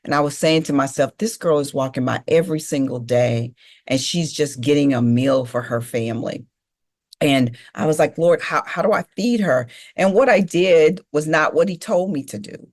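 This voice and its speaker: Speaking at normal speed in a low, darkish voice, a middle-aged woman recounts her life story in a motivational speech. She is emphatic, returns to key phrases, and speaks directly to the audience.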